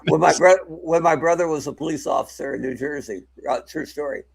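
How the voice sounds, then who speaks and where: A man co-hosting a podcast in casual chat, laughing often and breaking into loud impressions while telling stories. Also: a little high, brisk, vocal fry, crowd noise. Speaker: podcast co-host.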